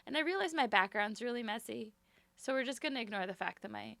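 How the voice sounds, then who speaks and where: A young woman streamer chatting casually and apologetically with her viewers from her bedroom at home, rambling from topic to topic in a brisk work voice. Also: fairly high pitch, lively intonation, vocal fry, a bit bright, no echo. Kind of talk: casual live-stream chat.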